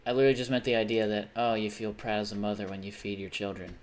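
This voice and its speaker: A man's voice: lowish voice, level tone, fast talker, a little hiss or hum. A young man live-streaming a game, chatting casually and reading viewer messages aloud, rambling and swearing often. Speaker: livestreamer.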